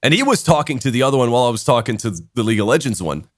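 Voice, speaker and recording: A young man hosts a casual podcast chat and tells a long story. He swears a lot and laughs as he goes, with his pitch jumping all over the place. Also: very fast, no room sound, studio quality. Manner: animated, swears a lot, laughs while telling. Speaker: podcast host.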